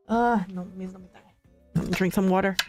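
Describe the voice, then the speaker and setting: A young woman streamer chatting casually with her viewers, relaxed and full of filler words, often laughing between thoughts. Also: medium pitch. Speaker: streamer hosting her own channel.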